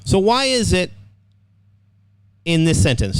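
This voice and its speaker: A man's voice: mid-range voice, expressive, a little slow, no room sound. A man teaching an online English writing class, upbeat, repeating words and often checking in with "okay".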